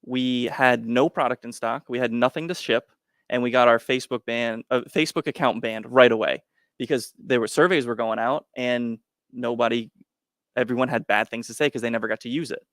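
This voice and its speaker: A man answers interview questions as a business guest, his tone plain and matter-of-fact. His voice sits at an ordinary pitch and is recorded dry and close. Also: fairly even intonation, a little fast, fairly bright tone, dry recording. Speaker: guest entrepreneur.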